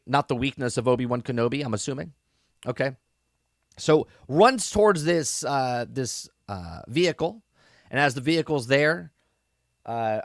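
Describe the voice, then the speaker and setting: Animated man rambling through a review. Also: medium pitch, dry recording, studio quality. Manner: rambling, checks in with "okay?" and "right?"; sarcastic asides. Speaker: podcast host reviewing a TV episode. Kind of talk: casual review commentary.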